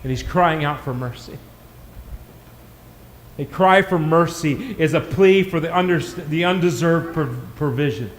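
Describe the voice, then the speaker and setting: A man preaching a sermon in a church, swinging from shouted climaxes to hushed, quick asides. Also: on the high side, long reverb tail, slight background noise. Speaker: pastor.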